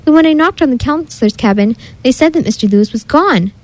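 In a storybook, an earnest young boy pleads with urgent, insistent worry, his voice pitched high, as a woman reader puts him on. The sound is dry and close. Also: expressive, fast talker, no echo.

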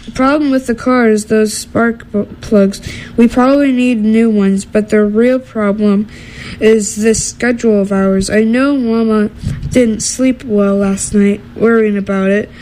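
A woman voicing a calm, sensible father bear in a storybook, speaking in a reassuring, matter-of-fact way. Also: fairly high pitch, unhurried, a little hiss or hum, natural voice, low-quality recording.

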